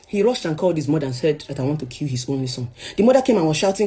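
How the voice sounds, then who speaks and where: This is a young woman with a Nigerian accent sharing her own story. Her voice sits low but moves a lot, dipping to near whispers and jumping high in the heated moments. She tells it with dramatic, emphatic force. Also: lively intonation, quick pace. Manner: dramatic storytelling, swinging from hushed to loud. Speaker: speaker sharing a personal story. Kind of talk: emotional personal testimony.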